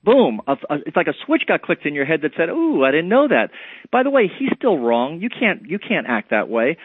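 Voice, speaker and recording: A man speaks quickly and earnestly, his voice slightly husky and on the high side. He comes through a thin, phone-like line with a dry sound. He acts out little scenes as he explains. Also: big pitch swings, no room sound. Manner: fast, earnest storytelling with acted-out examples. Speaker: author and guest. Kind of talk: radio interview.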